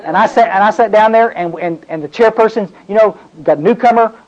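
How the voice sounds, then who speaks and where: A man's voice: high voice, brisk. Earnest man sharing his story. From North Texas. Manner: earnest and confessional, with restarts. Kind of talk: recovery meeting talk. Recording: dull, lo-fi recording.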